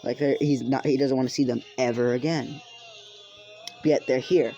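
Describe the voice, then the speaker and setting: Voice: medium pitch, fairly even intonation, moderate pace, mellow, highs cut off. A narrator improvising a fan story in a rambling, casual way, full of fillers and swearing, with faint music behind.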